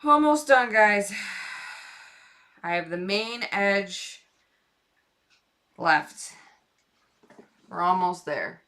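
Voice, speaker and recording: A woman talks to her live-stream viewers in an unhurried, easygoing way. Her voice is lowish yet bright and forward. She chats playfully while she works with her hands. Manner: playful, rambling, chatty to viewers. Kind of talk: casual live-stream chat.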